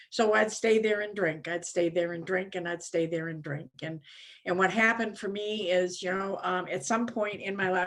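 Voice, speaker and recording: A woman in her seventies, from Maine, telling her own recovery story to a conference crowd. She rambles along in a loose, conversational way, filling gaps with "you know". She pokes fun at herself in a mid-pitched voice. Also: fairly bright tone. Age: 70s. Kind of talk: personal recovery story talk.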